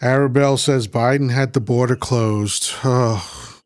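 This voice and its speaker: A man's voice: mid-range voice, unhurried, dry recording. A man hosting a livestream, reading chat comments aloud and arguing with them in a combative, mocking way, often repeating himself. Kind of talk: heated political rant.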